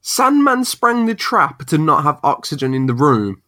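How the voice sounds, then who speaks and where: A man chats about comics with a lively, bouncy pitch and keeps laughing as he goes. His talk is loose and slangy. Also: a little slow. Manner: giggly, animated, slangy. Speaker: podcast co-host. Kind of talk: casual comic-book chat.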